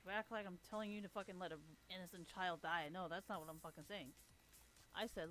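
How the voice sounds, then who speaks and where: A woman's voice: fairly low pitch, steady tone, quick pace, fairly bright tone, faint music behind. A woman on a livestream ranting with a profane, taunting, sarcastic manner. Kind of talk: livestream rant.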